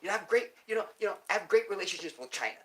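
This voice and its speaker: A man's voice: high-pitched, lively intonation, rapid-fire, sharp tone, voice pushed up. A man doing an impression of a boastful male politician who keeps repeating his brags. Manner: repetitive bragging.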